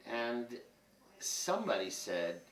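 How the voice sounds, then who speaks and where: A man's voice: medium pitch, slow. A man in his fifties telling rambling, profane stories in a candid monologue. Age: 50s. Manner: profane, rambling, animated storytelling. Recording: roomy and distant from mic.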